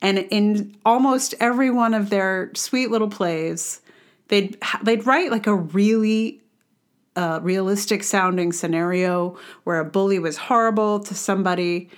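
A woman's voice: mid-range voice, unhurried, clean tone. A woman hosting a casual book review monologue, ranting with sarcastic passion and wry asides. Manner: wry, conversational with fillers. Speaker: podcast host reviewing a book.

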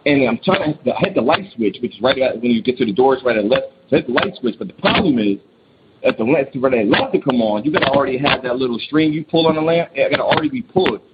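A man's voice: mid-range voice, expressive, fast. A man casually telling a scary personal story in a rambling, slangy way with frequent restarts. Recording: dull lo-fi recording with clear noise.

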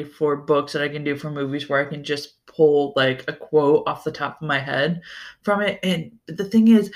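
A young adult man hosting a podcast on his own, talking in a loose, rambling way with lots of "like" and casual swearing. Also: a little high. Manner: rambling and loose, swears freely, many fillers like "like". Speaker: podcast host. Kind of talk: casual solo podcast chat.

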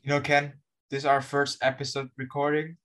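A young man from Indonesia, English his second language, with an American-based Indonesian accent, co-hosting a casual chat in a halting, self-correcting way. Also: medium pitch, monotone, fairly bright tone. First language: not English. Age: young adult. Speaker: podcast co-host.

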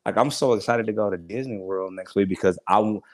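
A man in his forties speaks in a low voice, heartfelt and a little rambling as he restarts his thoughts. The sound is dry and close, with no room around it. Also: fast, dry recording. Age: 40s. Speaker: podcast guest. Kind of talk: casual interview chat.

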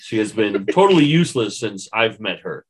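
A man playing at a tabletop game, talking in wry, halting bursts and chuckling. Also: fairly low pitch, very animated, a crowd in the background. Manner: wry, stumbling restarts, chuckling. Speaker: player. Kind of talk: casual tabletop banter.

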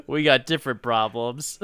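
A man's voice: medium pitch, animated, measured pace, fairly bright tone, clean tone, no room sound, studio quality. A man co-hosting a podcast, recapping a movie in casual, profane banter, laughing often and searching for words mid-sentence. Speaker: podcast co-host.

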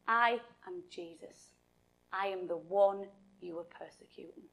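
A woman voicing Jesus as a solemn male voice from heaven, speaking low and hushed, partly whispered, in a children's Bible story. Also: measured pace, gravelly, poor audio.

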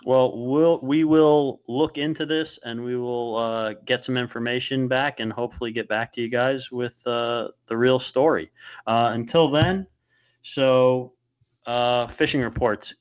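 A man's voice: medium pitch, fairly even intonation, measured pace, smooth, lo-fi sound. A man hosting a podcast in a loose, joking, casual chat. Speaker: podcast host.

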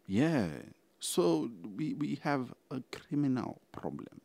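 A man's voice: mid-range voice, lively intonation, slow, vocal fry, darkish tone, no echo. A young South African man hosting a casual solo podcast, rambling and talking straight to his listeners. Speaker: podcast host.

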